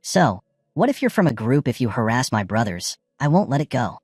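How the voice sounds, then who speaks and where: A man's voice: medium pitch, big pitch swings, a little fast, darkish tone, slightly rough, dry recording, studio quality. A man voicing a confident young hero who speaks firmly and threateningly in a recap story. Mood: stern. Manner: firm and threatening.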